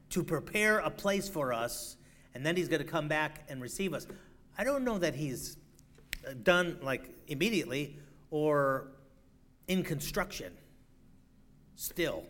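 A middle-aged man preaching a sermon, swinging between loud emphatic declarations and quiet, joking asides. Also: high voice.

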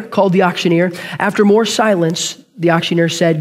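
A man preaching a sermon, telling a story earnestly and quickly, and sometimes correcting himself mid-sentence. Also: high-pitched, steady tone.

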